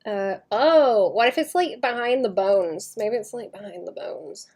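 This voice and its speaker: A woman livestreaming her painting, chatting casually and thinking aloud in soft mutters that trail into whispers, second-guessing her work. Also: medium pitch, expressive, a little slow. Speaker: artist streaming her painting.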